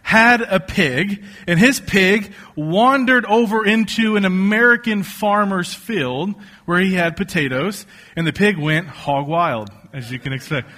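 Bright-voiced joking pastor man. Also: high-pitched, a little slow. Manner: conversational, joking, animated storytelling. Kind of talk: sermon. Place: church stage before a congregation.

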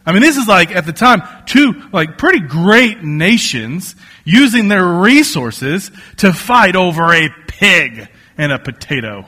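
Guy preaching w a bright higher voice, jokey storyteller, lots of ums. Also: very animated, measured pace. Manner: joking, storytelling, many fillers and restarts. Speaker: pastor. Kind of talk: sermon.

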